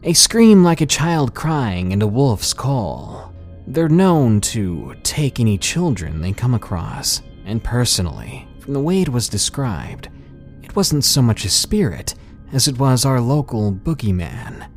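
A man's voice: mid-range voice, sing-song, unhurried. Man narrating scary stories over music. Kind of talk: scripted horror narration.

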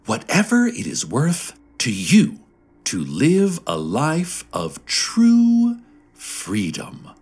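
A man voicing a serene chorus of wild, long-haired beings, with a murmuring, musical tone and a slow, gentle, airy delivery. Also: mid-range voice, huge pitch swings, husky, voice pushed up, exaggerated voice.

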